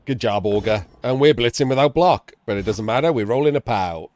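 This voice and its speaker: A man casting a live tabletop-style video game match, chatty and excitable, laughing and swearing casually as he explains the plays. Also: mid-range voice, brisk, a little hiss or hum. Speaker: esports commentator.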